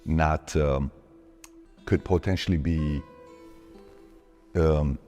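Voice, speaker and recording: A man telling a personal story in an interview, acting out the dialogue with lively shifts in his voice. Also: very deep voice, very slow, soft background music. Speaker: interview guest.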